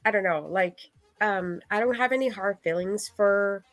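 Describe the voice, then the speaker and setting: A woman's voice: mid-range voice, moderate pace, a bit bright, dry recording, soft background music, poor audio. A woman who joins a livestream panel as a guest, speaking hesitantly with many fillers. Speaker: guest caller. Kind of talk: hesitant casual chat.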